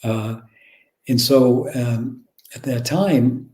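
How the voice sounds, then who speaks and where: An older man, a monk, recalling his past in a reflective, halting way, with many fillers and polite self-corrections. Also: medium pitch, darkish tone, echoey room, poor audio. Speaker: guest monk. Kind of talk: reflective spoken recollection.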